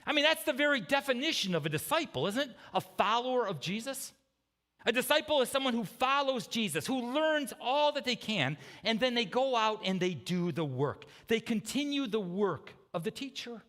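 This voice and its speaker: A man delivers a sermon with a high voice that swings widely in pitch. He talks to the congregation in a loose, conversational way and keeps tossing in quick checks like "okay?" and "right?". His voice carries a long, trailing church reverb. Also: sing-song, a bit bright. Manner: conversational preaching with frequent "okay?" and "right?" asides. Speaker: pastor. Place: church sanctuary.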